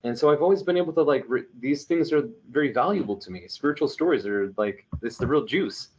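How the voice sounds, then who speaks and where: A man's voice: mid-range voice, animated, a little fast, highs cut off, slight background noise. A man from New Mexico who works as a storyteller, chatting earnestly and with animation in long, winding anecdotes full of restarts. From New Mexico, United States. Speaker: storyteller for an online religious media group. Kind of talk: casual conversational storytelling.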